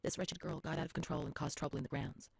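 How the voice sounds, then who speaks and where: An actress voicing a troubled young woman who reads old asylum records in a hushed, measured, uneasy way, often dropping to a whisper. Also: low-pitched, steady tone, vocal fry, slightly rough, no echo, full character voice. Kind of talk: hushed game narration. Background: game music.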